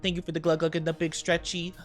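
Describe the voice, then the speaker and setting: A man's voice: a little high, flat delivery, fast. A man chatting casually on a live stream, giggly and fidgety and full of filler words.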